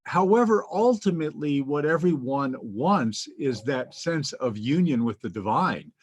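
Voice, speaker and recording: A man co-hosting a spiritual talk radio show, speaking in a calm, reflective, measured way. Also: a little high, breathy edge.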